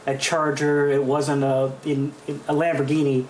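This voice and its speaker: A man on a podcast rambles casually, repeating himself as he searches for words. His slightly higher voice carries a roomy echo, with a faint hiss underneath. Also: flat delivery, moderate pace. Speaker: podcast co-host. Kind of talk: casual chat.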